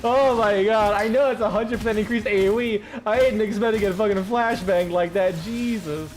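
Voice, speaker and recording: A man's voice: high-pitched, fairly even intonation, moderate pace. A young man with a light Southern US accent, chatting casually while streaming a game, rambling, swearing and restarting his sentences. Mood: excited. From American South. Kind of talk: casual gameplay commentary.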